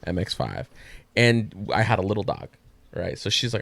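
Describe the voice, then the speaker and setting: A man with a low, gravelly voice tells a story on a podcast in loose, profane slang. The sound is dry and close, with no room around it. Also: very animated, normal speed, a bit bright, dry recording. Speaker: podcast co-host. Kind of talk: casual storytelling.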